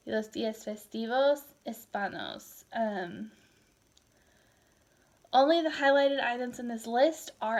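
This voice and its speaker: A woman in her thirties gives a recorded language lecture, moving easily between English and Spanish. Her voice sits a little high and sounds tired, and she talks in a loose, chatty way. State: tired, yawning. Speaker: Spanish teacher.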